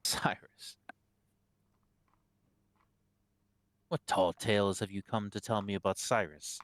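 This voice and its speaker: A man's voice: on the low side, fairly even intonation, moderate pace, no room sound, close to an everyday voice. A man voicing a zealous, fanatical abbot who speaks in grand, sermonizing tones. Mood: grandiose.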